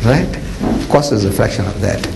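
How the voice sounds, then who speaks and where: A man preaching a lecture, animated and jokey, telling stories with acted-out voices. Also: lowish voice, moderate pace, gravelly, noisy background. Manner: animated, jokey, acts out characters. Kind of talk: lecture with dramatic storytelling.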